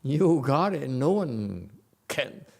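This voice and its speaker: A man's voice: medium pitch, sing-song, slow, gravelly, a little mellow. A man giving a blunt, joking dharma lecture as a Buddhist master at a meditation center. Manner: blunt, joking, repeats for emphasis.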